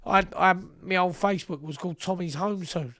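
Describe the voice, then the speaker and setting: A young man tells stories in a loose, casual chat. His voice sits high, and he swears freely as he acts out both sides of each exchange. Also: brisk, a bit bright. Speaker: podcast guest. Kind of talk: casual storytelling.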